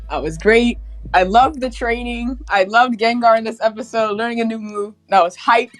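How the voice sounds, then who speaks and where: A woman on a voice call giving an excitable reaction, her voice jumping high in disbelief. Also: rough recording. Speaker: panel guest. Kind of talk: casual reaction rant.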